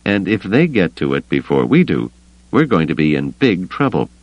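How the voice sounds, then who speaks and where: A man's voice: low-pitched, very animated, moderate pace, dry recording, lo-fi sound. A man voicing a stubborn, worried smuggler pilot in an audiobook, blunt and brooding. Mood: earnest.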